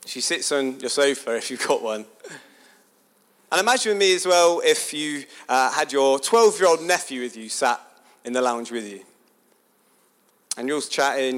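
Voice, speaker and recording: A man giving a chatty, sermon-style talk, asking his listeners questions as he builds a story. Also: medium pitch. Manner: animated, chatty, asks the audience questions.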